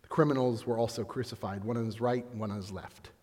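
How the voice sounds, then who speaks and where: A man giving a lively, dramatic retelling of a scripture story, with conversational asides. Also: lowish voice, fast talker, few pauses, in a large hall.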